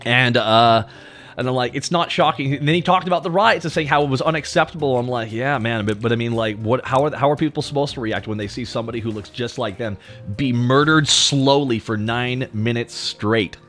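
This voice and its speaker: A man from Canada streaming live, answering chat and ranting with a lot of swearing and big jumps in loudness. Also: mid-range voice, fairly quick, soft background music. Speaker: VTuber streamer. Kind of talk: livestream chat rant.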